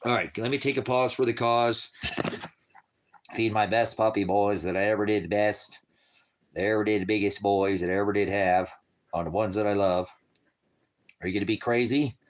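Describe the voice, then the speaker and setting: A man with a notably deep voice talks loosely on a livestream from home. He rambles from topic to topic, cracks crude jokes, and slips into doting baby talk with his dogs. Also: fairly even intonation, moderate pace, long pauses. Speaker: livestream host.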